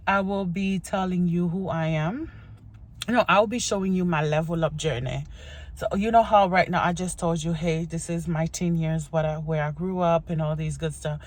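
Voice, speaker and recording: A young Haitian woman with a Haitian accent introduces herself on her vlog in a low, slightly mellow voice. She's chatty and encouraging, often restarting her sentences and saying "you know" in this casual get-to-know-me video.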